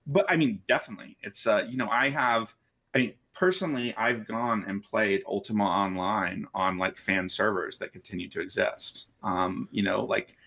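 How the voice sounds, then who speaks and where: A man's voice: on the low side, normal speed, gravelly, pushed and bright, breathy edge. A man answering in an interview, rambling with lots of fillers, played from a clip. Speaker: game developer being interviewed.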